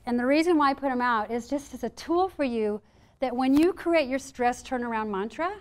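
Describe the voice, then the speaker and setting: A woman with a slightly high voice speaks to a live room of listeners about stress resilience. Her delivery is lively and playful, and she slips into little acted inner voices to make her points. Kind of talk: live presentation to an audience.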